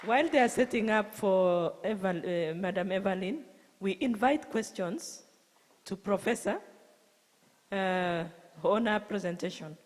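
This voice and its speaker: A Kenyan woman with a Kalenjin accent moderating a conference question session, halting with frequent restarts. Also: medium pitch, a little mellow. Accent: Kenyan English, Kalenjin. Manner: halting, many restarts and fillers. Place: university conference hall. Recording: long reverb of a conference hall.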